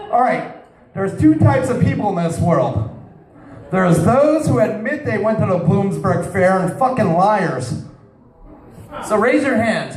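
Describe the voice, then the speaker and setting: A high-voiced man working a bar crowd with a crude stand-up set, trading jabs with people in the room. He's picked up from across a roomy space, and the audience chatter and laughter stay clearly audible behind him. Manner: crude, storytelling, talks to the crowd. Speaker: stand-up comedian. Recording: roomy bar sound, distant mic, crowd noise.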